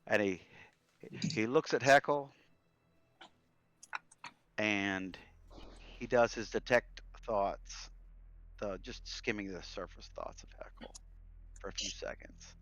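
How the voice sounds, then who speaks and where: A man's voice: on the low side, sing-song, slow, creaky, long pauses, fairly bright tone, lo-fi sound. Laid-back male game master. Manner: laid-back, rambling, lots of fillers. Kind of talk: casual tabletop game narration.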